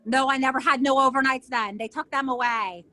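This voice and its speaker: A middle-aged woman telling her own story as an interview guest, animated and indignant, acting out what others said. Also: high voice, brisk. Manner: animated, acts out other people's lines. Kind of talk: emotional personal storytelling.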